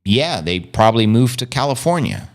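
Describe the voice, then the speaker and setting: A man's voice: medium pitch, big pitch swings, normal speed. A man hosting a casual livestream, reading viewer comments aloud in a laid-back, slangy way. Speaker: livestream host.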